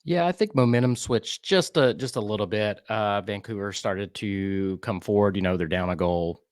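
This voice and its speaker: A man with a Southern US accent co-hosting a soccer podcast, breaking down match plays in a relaxed, rambling way with fillers and restarts. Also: on the low side, normal speed, dry recording, clean studio sound. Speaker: podcast co-host. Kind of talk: casual sports chat.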